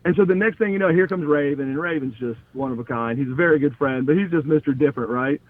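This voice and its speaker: A middle-aged man tells backstage stories in a loose, casual interview, breaking into other people's voices and laughing along the way. His voice sits high for a man. It comes through a tinny, phone-like line with a faint hiss underneath. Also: fast. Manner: animated storyteller acting out others' lines, laughing often. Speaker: interview guest, former pro wrestler.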